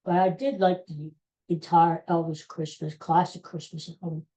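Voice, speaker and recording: A woman's voice: lowish voice, level tone, moderate pace, dark tone, low-quality recording. A middle-aged woman hosting her own podcast, chatting casually and rambling through stories with restarts and asides, giving blunt sports opinions. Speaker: podcast host. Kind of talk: casual solo podcast chat.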